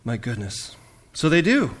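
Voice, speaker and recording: A man preaching a sermon in a relaxed, conversational way, acting out the lines of the people in his story. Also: medium pitch, unhurried. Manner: lively, conversational, acts out quoted lines.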